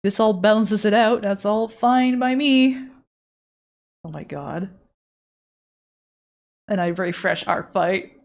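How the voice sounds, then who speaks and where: A woman's voice: mid-range voice, slow pace, long pauses, a little mellow. A young woman art streamer chatting casually on a live stream, giggly and gushing with emotion.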